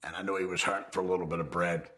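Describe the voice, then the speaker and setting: A man's voice: low-pitched, little pitch movement, racing, bright, forceful tone. A man candidly telling his life of crime in profane, streetwise talk. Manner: profane, streetwise, acts out quoted voices. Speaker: former criminal telling his life story.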